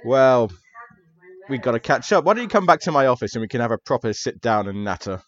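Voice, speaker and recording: A man's voice: mid-range voice, sing-song, quick pace, a bit bright. A jovial, hearty old-school professor, friendly and fond of a drink, as a man plays him at the gaming table. He talks in a chummy, familiar way, a little muffled.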